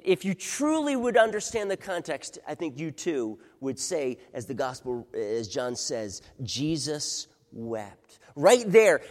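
Male pastor, high lively voice, unhurried dramatic sermon delivery, long hall reverb. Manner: dramatic, swings from hushed to loud, acts out quoted voices.

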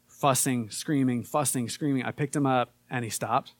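A man preaching a casual sermon, relaxed and conversational with frequent fillers, and more emphatic when he reads scripture. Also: medium pitch, moderate pace, hardly any pauses, no room sound. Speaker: pastor.

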